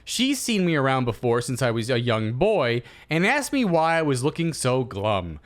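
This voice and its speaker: A man in his thirties co-hosting a comedy podcast, telling stories in a casual, animated way and acting out quotes. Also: mid-range voice, normal speed. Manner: animated storyteller, acts out quotes. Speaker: podcast co-host.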